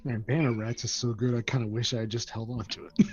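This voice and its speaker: A man's voice: mid-range voice, little pitch movement, fast talker, faint music behind. A man playing a tabletop game, joking in a laid-back way. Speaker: player. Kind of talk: casual tabletop play chat. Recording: dull lo-fi sound.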